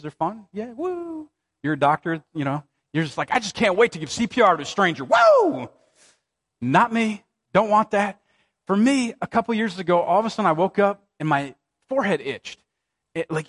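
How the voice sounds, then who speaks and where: A man in his thirties, a pastor, preaching a sermon with dramatic scripture reading and lively, conversational storytelling. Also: sits high. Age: 30s.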